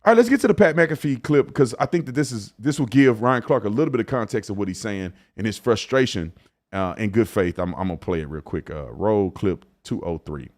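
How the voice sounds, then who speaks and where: A man's voice: fairly low pitch, animated, fairly quick, a little mellow. A man hosting a commentary show, talking in a casual, emphatic way with slang.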